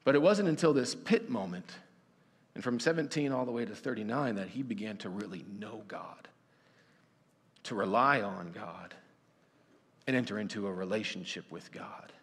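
A man's voice: fairly low pitch, animated, moderate pace, pauses often, fairly bright tone, breathy edge. A man preaching a sermon in an earnest, conversational way, with frequent restarts. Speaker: pastor. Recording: long reverb of a church hall.

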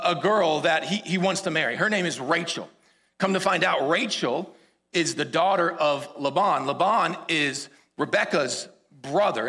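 A man preaching a sermon, retelling a Bible story in an animated, conversational way with rising emphasis and casual asides. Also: a little high, slightly rough.

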